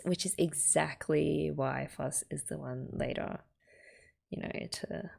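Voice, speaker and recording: A woman's voice: low-pitched, normal speed, gravelly, darkish tone, husky. An Australian woman hosting a reaction video, reading a manga aloud and chatting through it with laughing, whispered asides.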